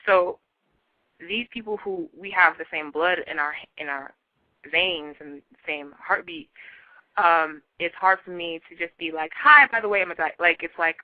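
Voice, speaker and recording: Frank, halting Nigerian-born woman. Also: lowish voice, steady tone, no room sound, phone-quality sound. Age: 20s. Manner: thoughtful, frank, halting with many fillers. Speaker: guest. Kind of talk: candid interview talk.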